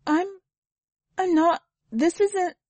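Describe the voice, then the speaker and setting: A woman's voice: extremely high pitch, slow pace, darkish tone, no room sound, pitched above the performer's own voice. A woman reader voicing a distraught young woman who pleads tearfully on a phone call with her dead mother. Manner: tearful, pleading, tripping over words.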